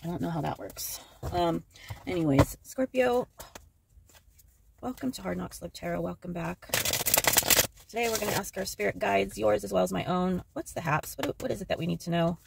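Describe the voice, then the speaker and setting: A woman giving a casual tarot card reading to camera, excitable and joking, swearing freely as she talks to her viewers. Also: lowish voice, normal speed, gravelly, pauses often, very noisy. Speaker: tarot reader.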